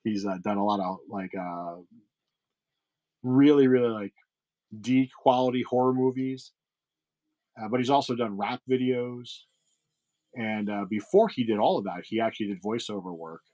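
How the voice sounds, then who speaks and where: Rambling, hesitant man, low voice. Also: normal speed, long pauses, dark tone, highs cut off. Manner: rambling, hesitant, many fillers and restarts. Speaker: livestream seller host. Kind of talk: casual chat with viewers.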